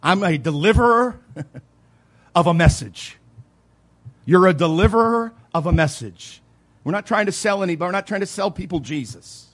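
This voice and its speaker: A man with a high-pitched voice delivers a sermon as a pastor. He talks earnestly, drives points home by repeating them, and drops into quiet asides between louder stresses. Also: expressive, normal speed, long pauses. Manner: earnest preaching, emphatic repetition, occasional soft laughs; swings between loud emphasis and quiet asides.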